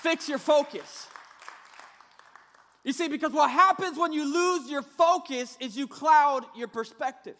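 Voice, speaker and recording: A male pastor giving an animated, humorous sermon, acting out the scenes he tells. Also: extremely high pitch, normal speed, few pauses, in a large hall, some chatter behind, a little hiss or hum.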